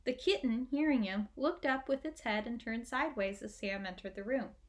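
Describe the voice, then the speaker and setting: Woman narrator, children's chapter book, gentle and expressive, slightly high voice. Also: moderate pace. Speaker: audiobook reader. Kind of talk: storybook narration.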